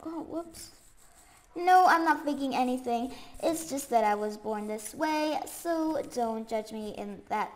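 A young woman with a very high, stuffy-sounding voice from a cold, chatting casually and rambling excitedly as she builds in a game. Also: a little slow. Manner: rambling, excitable, many fillers and sudden squeals. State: congested from a cold. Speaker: gaming YouTuber.

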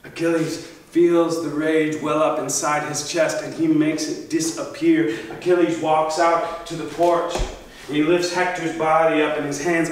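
A man telling a story in a solo stage performance, musing and reflective, with halting pauses. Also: a little high, a little hiss or hum. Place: empty theater stage. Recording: echoey theater, mic far off.

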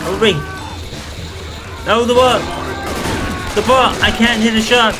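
A man's voice: very high voice, fairly even intonation, measured pace. A young man giving live commentary over a co-op zombie game, exasperated and swearing often. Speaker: gaming channel host.

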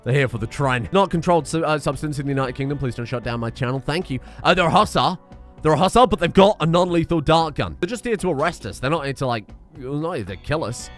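A lively young man narrating his own game run with a quick comic edge. His voice sits a little high and swings widely in pitch as he jokes and swears. Faint music plays underneath. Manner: animated, joking, swears freely, bursts into laughter. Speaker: gaming YouTuber. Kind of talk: comedic let's-play commentary.

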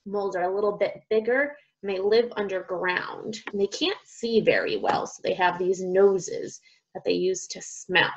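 A young woman, a speech therapist, reading a picture book to children, slowly modeling sounds and praising each try. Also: medium pitch, highs cut off. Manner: slow, drawn-out modeling of sounds, encouraging praise.

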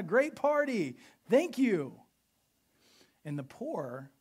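Lively preacher with animated pitch. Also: husky. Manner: animated teaching, explains church history with questions to the congregation. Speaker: pastor. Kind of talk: sermon. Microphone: podcast recording of a live sermon.

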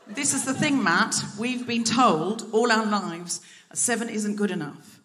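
A woman's voice: mid-range voice, measured pace, fairly bright tone. A woman hosting a live comedy podcast from a theatre stage, bantering playfully with the audience and mocking herself. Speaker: host. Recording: live theatre recording with clicking noise.

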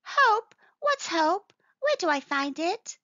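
A woman voicing a small, young boy mole in a storybook reading, with high, eager childlike cries. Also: sing-song, takes it slowly, bright, forceful tone, no echo, heavily acted. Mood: sad. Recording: dull lo-fi sound.

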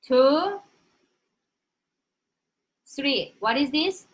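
Woman, Korean accent, high voice, animated language teacher, casual live lesson, repeats words for pronunciation. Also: extremely slow. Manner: animated, drills pronunciation with repetition.

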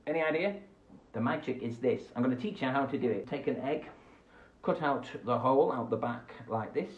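A man's voice: mid-range voice, reverberant, highs cut off. A man hosting a live-streamed children's show from home, playful and silly, recorded on a phone. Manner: animated, jumps between voices and asides. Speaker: children's radio host. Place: at home beside a window. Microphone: phone camera.

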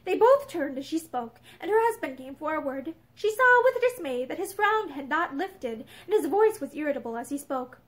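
A woman narrates a novel aloud with expressive storytelling. Her voice is high and animated, with wide swings of pitch. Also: moderate pace, few pauses. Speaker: reader. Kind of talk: audiobook narration. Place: indoor room with bookshelves.

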